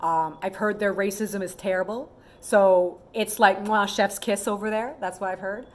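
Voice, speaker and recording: A woman in her thirties vlogging straight to camera in a loose, chatty way. She swings her voice up and down freely and slips into quick impressions of other people mid-sentence. Her pitch sits in an ordinary middle range. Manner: animated, mimics other people's voices in quoted asides. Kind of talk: casual monologue to camera.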